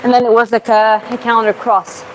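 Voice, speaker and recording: A woman boxing coach answers viewers' questions live while demonstrating punch combinations on a bag in a gym, explaining casually and marking each punch with quick "boom" sounds. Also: flat delivery, slight background noise, low-quality recording.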